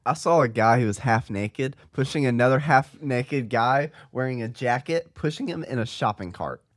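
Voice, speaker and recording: A man's voice: medium pitch, lively intonation, moderate pace, no room sound, clean studio sound. A man co-hosting a podcast, telling a rambling, hesitant story in casual chat. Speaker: podcast co-host.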